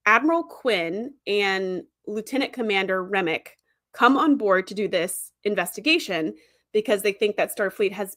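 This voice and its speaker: A woman hosts a podcast with a medium-pitched, fairly bright voice, recorded in a clean studio with no echo. She chats enthusiastically about a TV series and reads out live chat comments, using frequent fillers and quick asides.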